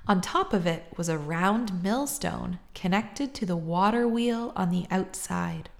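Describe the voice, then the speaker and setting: A woman hosting a book podcast, reading a picture book aloud in a gentle, measured way and chatting. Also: medium pitch, gravelly. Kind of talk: storybook read-aloud and casual chat.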